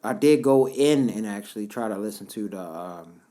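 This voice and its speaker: A man's voice: lowish voice, expressive, moderate pace, warm tone. A man co-hosting a podcast in casual, laid-back, slang-heavy banter. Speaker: podcast co-host. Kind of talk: casual chat.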